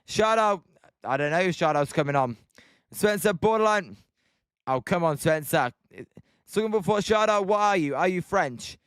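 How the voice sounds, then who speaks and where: Young British male streamer, high and bright register, clean dry close-mic sound, casual self-deprecating chat. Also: lively intonation, moderate pace, clear, resonant tone, no room sound. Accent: British English. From Britain. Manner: chatty, self-mocking, reads chat aloud. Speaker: livestream host watching baseball.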